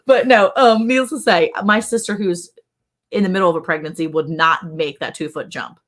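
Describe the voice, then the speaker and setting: A woman's voice: lowish voice, fairly quick. A middle-aged woman hosting a casual live-stream chat. She tells family stories with animation, laughs often, and jumps her voice up to act out relatives' lines. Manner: animated storyteller who acts out relatives' lines in a raised voice; laughs often while talking. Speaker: host.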